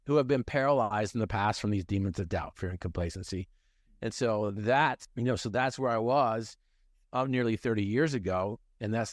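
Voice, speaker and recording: A man's voice: on the low side, no room sound, clean studio sound. A middle-aged man telling his personal story in a conversation, earnest and emphatic, repeating phrases for effect.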